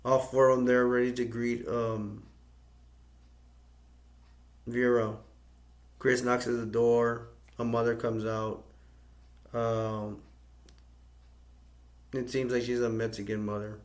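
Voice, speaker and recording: A man from the United States talks through a movie's story scene by scene. His pitch sits in the middle and barely moves, giving a flat, even delivery. He rambles and circles back as he goes. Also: slow pace, long pauses. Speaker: movie reviewer. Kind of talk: casual plot recap.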